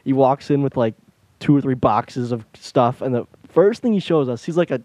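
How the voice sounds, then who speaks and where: A young male podcast host with a mid-range voice speaks at a moderate pace, and there is no echo. He animatedly tells funny family stories in a casual chat, laughing often as he goes.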